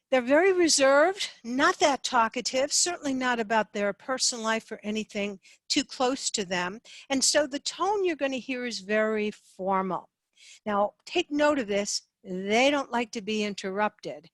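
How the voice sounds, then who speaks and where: A woman sales trainer explains with a measured, clear delivery. Her voice sits a little high and she talks at an unhurried pace. The recording is dry and close. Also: expressive, dry recording. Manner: measured, clear, demonstrating tones. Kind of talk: instructional talk.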